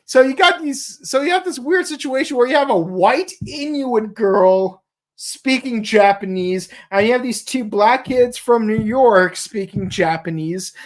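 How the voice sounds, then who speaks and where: Rambling podcast co-host, higher-voiced woman. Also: expressive, unhurried. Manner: rambling, repeats "it's like", acts out quoted lines. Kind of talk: casual chat.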